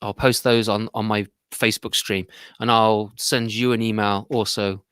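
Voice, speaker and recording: A man hosts a casual video-call chat in a bright, forward voice that sounds dry and close. He rambles and often restarts his sentences. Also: on the low side, level tone, moderate pace, clean tone, no room sound. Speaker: host.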